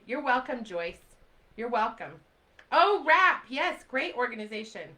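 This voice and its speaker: A woman's voice: on the high side, big pitch swings, unhurried, pushed and bright, rough recording. A woman in her forties talking straight to her viewers in an urgent, pleading way, repeating phrases for emphasis and answering live comments as she goes. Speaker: livestream host. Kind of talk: impassioned direct-to-camera talk.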